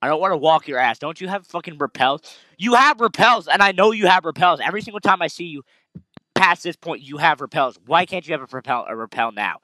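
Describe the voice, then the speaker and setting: A man's voice: on the high side, animated, fairly quick, pushed and bright, no room sound, clean studio sound. A man hosting a let's play, swearing and ranting crudely while he plays. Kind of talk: casual game commentary.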